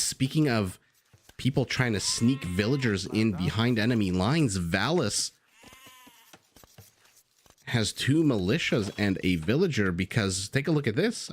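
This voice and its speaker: A man with a mid-range, slightly rough voice casts a strategy game live. He chats easily with his viewers, swears casually, and tells stories as play goes on.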